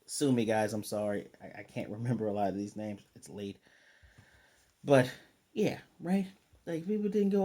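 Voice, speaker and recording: A man's voice: mid-range voice, normal speed, warm tone. A man giving a casual, rambling recap and review of a cartoon episode, with exasperated commentary.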